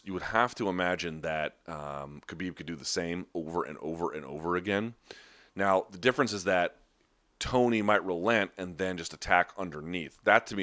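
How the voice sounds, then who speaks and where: A man's voice: deep voice, fairly bright tone. A man hosting a podcast, casually answering live chat questions in a rambling, conversational way. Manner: rambling, conversational, restarts and asides.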